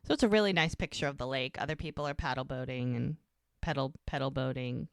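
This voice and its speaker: A woman's voice: rumbling low, quick pace, dry recording, studio quality. A woman co-hosting a podcast, casually retelling TV scenes in running narration. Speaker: podcast co-host. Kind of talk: casual chat recapping a TV episode.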